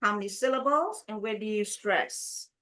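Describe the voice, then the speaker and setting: This woman speaks with a medium pitch and a sharp tone. Leading an online business English class, she stretches words out to demonstrate stress and puts questions to her learners.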